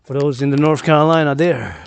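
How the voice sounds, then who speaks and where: A man's voice: a little high, brisk, vocal fry, clear, resonant tone. A man vlogging outdoors on a forested mountain trail, rambling and repeating words and phrases over and over. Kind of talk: rambling vlog monologue.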